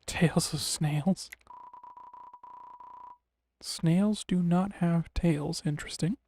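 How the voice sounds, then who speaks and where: A man's voice: on the high side, very slow, slight background noise. Dry-voiced man, sarcastic stream commentary. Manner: wry, sarcastic asides; relaxed, rambling with fillers. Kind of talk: live gameplay commentary. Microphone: desk mic on a streaming setup.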